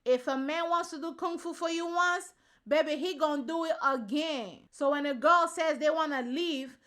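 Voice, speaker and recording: A woman vlogger with a high, bright voice gives her views straight to camera. She talks in informal slang and hammers her points home by saying them again. Her tone stays pointed and forceful. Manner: emphatic, repeats points for stress; slangy, informal address to viewers. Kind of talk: casual opinion commentary to camera.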